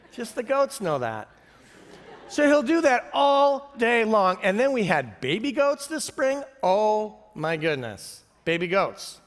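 A middle-aged man preaching a sermon, telling stories in a lively way, chuckling often and asking the audience questions. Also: high voice. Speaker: pastor. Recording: reverberant hall.

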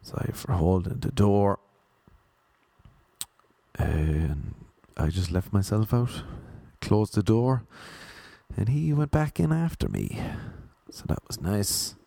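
A young Irish man telling funny anecdotes in a deadpan, sardonic way. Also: fairly low pitch, slow, gravelly, husky, dry recording. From Ireland. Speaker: vlogger. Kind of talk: casual storytelling monologue.

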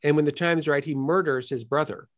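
Earnest, higher-voiced man explaining ideas. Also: fairly quick. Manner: earnest, lively teaching tone with frequent "right?". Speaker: guest philosopher. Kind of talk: explanatory interview talk.

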